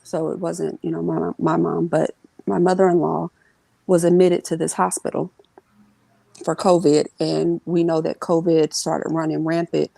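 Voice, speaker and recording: A woman with a low, gravelly voice tells a painful family story as an interview guest. She speaks earnestly, pausing and restarting, and sometimes breaks into the voices of the people she quotes. Her tone is dark and mellow, and the recording is close and dry. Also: flat delivery, no room sound, low-quality recording. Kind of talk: emotional personal storytelling.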